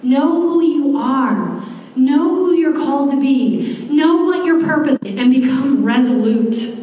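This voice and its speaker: Woman preacher, high voice, chatty and frank, big echoey church sound. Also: lively intonation, measured pace, dark tone. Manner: candid, conversational preaching with asides. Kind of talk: sermon. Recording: echoey hall from far off.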